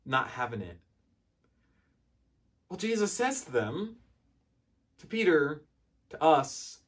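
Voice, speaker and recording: Man, preacher, sermon, fairly high voice, chatty storytelling delivery. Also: a bit bright. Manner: conversational storytelling, acts out voices in the parable.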